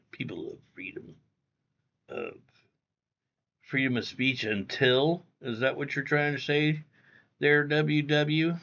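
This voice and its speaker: A man's voice: fairly high pitch, a bit bright, dull audio. A man streaming live, reading viewer comments in a blunt, profane way, repeating himself and calling people bro. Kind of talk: casual livestream chat reading viewer comments.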